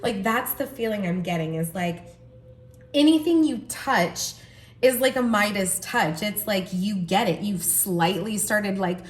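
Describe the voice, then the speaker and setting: A woman giving a pick-a-card tarot reading, excitable and gushing, full of gasps and fillers. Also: mid-range voice, measured pace, reverberant. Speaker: tarot reader.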